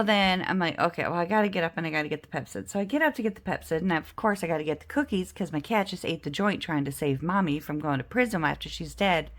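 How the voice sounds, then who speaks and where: A chatty, self-mocking woman with a medium-pitched voice tells a story casually while playing a game. A budget and game-night vlogger, she's an animated storyteller who acts out the other people's lines.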